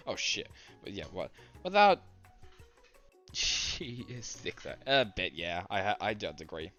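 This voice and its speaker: A man's voice: on the low side, big pitch swings, measured pace, pauses often, a bit bright, dull audio, faint music behind. A young man streamer reading a story game aloud with jokey, laughing asides.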